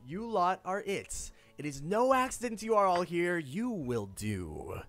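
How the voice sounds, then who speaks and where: A short, elegant elven wizard announces himself with grand, self-important courtesy, as a man puts on the voice at the game table. His pitch sits a touch high and leaps about with showy flourish. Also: very animated, a little slow, a bit bright, faint music behind, exaggerated voice. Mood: grandiose. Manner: theatrical, self-important introductions.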